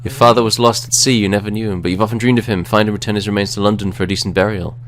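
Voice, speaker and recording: A man's voice: on the low side, fairly even intonation, racing, fairly bright tone. A man casually chatting while playing a video game and reading its text aloud. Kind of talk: casual gaming chat.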